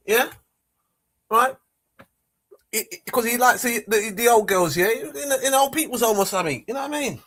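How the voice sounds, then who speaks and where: A man's voice: extremely high pitch, moderate pace, long pauses, a bit bright. A man talking in a rambling, repetitive and emotional way, streaming outdoors near trees. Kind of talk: casual rambling monologue.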